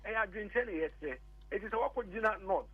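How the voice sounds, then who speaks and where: A Ghanaian man argues politics over a phone line on a radio show, hammering the same points again and again. His voice sits high and comes through husky. The line is thin and phone-like, with a dry, close sound. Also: expressive, fast talker, dry recording. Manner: insistent, repeats points, mixes English and Twi. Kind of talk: heated political argument on a phone-in.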